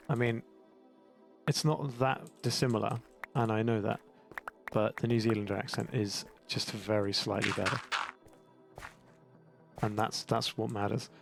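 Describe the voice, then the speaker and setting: A man's voice: on the low side, creaky. A young English man with an English accent chatting in a rambling, self-mocking way while commentating his gameplay. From England. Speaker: gaming YouTuber. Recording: game music playing behind.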